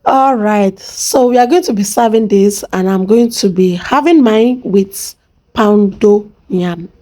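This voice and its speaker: A woman's voice: a little high, unhurried, dark tone. A Nigerian woman hosting a casual cooking vlog, playful and chatty, talking to her viewers and to the pot as she cooks. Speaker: cooking channel host.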